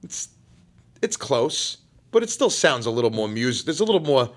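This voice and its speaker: A man's voice: medium pitch, moderate pace. A man with a New York accent co-hosting a podcast, talking casually and arguing with his co-hosts. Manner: animated, heckling and arguing. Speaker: podcast co-host. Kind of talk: casual chat.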